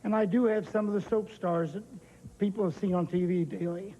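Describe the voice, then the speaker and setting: A man's voice: high-pitched, steady tone, brisk, warm tone. A man, a game show contestant, answering in a plain, matter-of-fact way, on dull 1980s TV audio.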